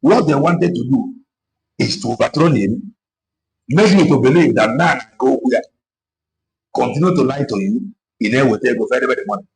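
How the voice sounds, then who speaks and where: A man's voice: medium pitch, moderate pace, creaky, pauses often, poor audio. A man giving an impassioned political talk, switching between Igbo and English and repeating himself to drive points home. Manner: mixes Igbo and English, repetitive, exhorting. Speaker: activist speaker.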